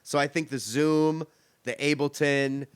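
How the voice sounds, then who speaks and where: A man co-hosting a comedy podcast over a remote call, sarcastic and animated, telling stories with mock anger. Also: fairly high pitch, measured pace, clean tone, dry recording. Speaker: podcast co-host. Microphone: remote call mic.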